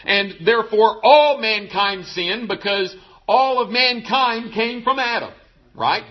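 A pastor preaching a sermon, emphatic and asking the congregation rhetorical questions. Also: male voice, high-pitched, slow pace, dull audio.

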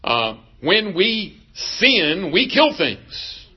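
A pastor preaching a sermon, emphatic and asking the congregation rhetorical questions. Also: male voice, high voice, very animated, drawn-out words, husky, lo-fi sound.

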